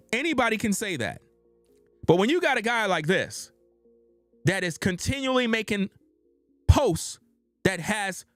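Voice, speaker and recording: A man's voice: high voice, dry recording. A man hosting a heated commentary monologue, insistent and repetitive with preacher-like emphasis. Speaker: commentary channel host.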